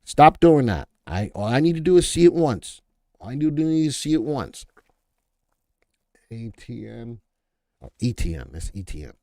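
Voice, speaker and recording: A man's voice: medium pitch, very animated, normal speed, long pauses, darkish tone, dry recording, clean studio sound. A man with a Boston accent hosting a live stock market stream, rambling, repeating himself and answering viewer chat as he goes. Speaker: stock market show host.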